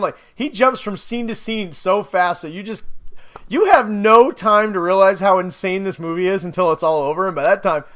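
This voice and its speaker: High-voiced man rambling excitedly. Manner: rambling, excited, laughs often. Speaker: podcast co-host reviewing a movie. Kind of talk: casual podcast chat.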